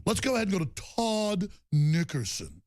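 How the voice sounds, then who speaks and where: A man hosting a radio talk show, delivering an intense, stammering rant that bursts into shouting. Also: sits high, big pitch swings, moderate pace, no room sound.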